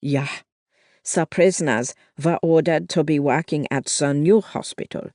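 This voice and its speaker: A narrator voicing a wounded sergeant who speaks English, keeping his voice low and cautious. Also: measured pace, darkish tone, no room sound, studio quality, close to an everyday voice. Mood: confiding. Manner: cautious, lowered voice. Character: wounded adult male German sergeant, guarded. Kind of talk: audiobook narration.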